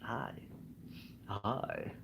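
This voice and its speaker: A man's voice: fairly low pitch, huge pitch swings, very slow, vocal fry, background noise. A young man rambling casually with lots of fillers, livestreaming from his bed. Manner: meandering, many fillers. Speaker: vlogger. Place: in bed at home.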